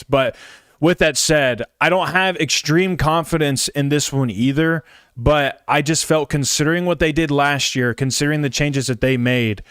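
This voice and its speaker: Co-host: mid-pitched man, dry close sound, hedging talk-show takes. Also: a bit bright, smooth, no echo. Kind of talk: casual sports talk show.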